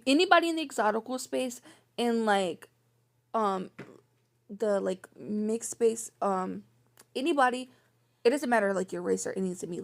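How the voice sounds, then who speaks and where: Frustrated and venting, a young female vlogger tells a story from her own life and says "like" over and over. She has a medium-pitched, gravelly voice.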